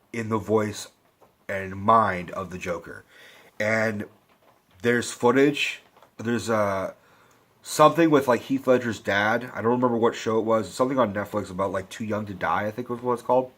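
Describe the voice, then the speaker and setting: A middle-aged man hosting a vlog, ranting about a movie in a profane, rambling, excitable way. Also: lowish voice. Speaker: vlog host.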